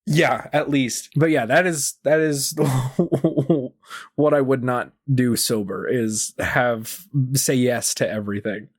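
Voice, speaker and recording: A man's voice: mid-range voice, fairly even intonation, slow pace, husky. A man casually telling a long, profane story on a podcast, rambling and acting out what others said. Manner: profane, rambling, acts out quoted voices. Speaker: podcast guest.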